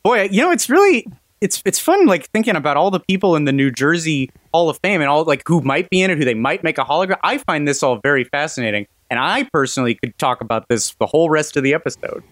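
A man's voice: on the high side, fast, hardly any pauses, fairly bright tone, no echo. Wry, rambling man on a dry mic. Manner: wry, rambling storytelling with frequent laughs. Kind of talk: casual chat.

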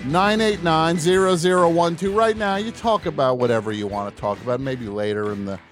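A man hosting a live call-in radio show, wry and mock-boastful, dropping to quiet mumbles and rising to shouts. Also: fairly high pitch, a little fast, faint music behind.

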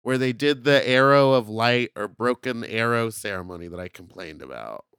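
A man's voice: medium pitch, moderate pace, smooth, no echo, clean studio sound. A man co-hosting a podcast in casual chat, playful and jokey as he tells stories. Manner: playful, jokey, animated storytelling. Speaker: podcast co-host.

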